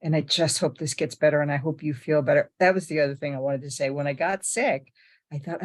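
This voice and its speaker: A woman's voice: sits low, fairly quick. An older woman, ill with pneumonia, giving a rambling, candid, self-deprecating personal share at a recovery meeting. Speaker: meeting member sharing.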